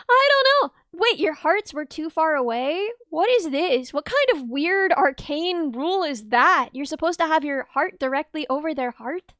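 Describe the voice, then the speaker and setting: Young woman, twenties, VTuber, high voice, dry sound, casual rambling chat, giggly, self-deprecating. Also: animated, normal speed, few pauses, fairly bright tone, no room sound. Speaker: VTuber streamer. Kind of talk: casual chat reading viewer messages.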